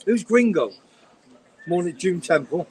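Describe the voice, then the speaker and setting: A man's voice: high-pitched, lively intonation, a little slow, a little mellow, poor audio. A man in his sixties, co-hosting a casual live stream, chatting, bantering and reading out viewer comments. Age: 60s. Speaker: co-host.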